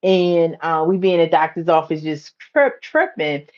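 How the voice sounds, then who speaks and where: A woman from the United States hosting a casual livestream chat, telling a story in a chatty way, repeating phrases and going high when excited. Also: measured pace, highs cut off. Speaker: livestream host.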